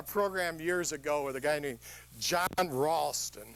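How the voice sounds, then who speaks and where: Older guy doing a funny safety pep talk, slightly high voice, keeps asking the crowd how many of them know stuff. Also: measured pace. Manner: animated storytelling, quizzes the audience with questions. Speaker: motivational speaker. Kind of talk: humorous motivational keynote.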